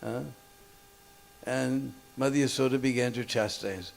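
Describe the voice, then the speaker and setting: This man, speaking at a medium pitch and moderate pace with a slightly mellow voice, tells a story as a sermon in a temple hall. He often chuckles and checks with listeners through brief "hmm?" and "huh?" questions.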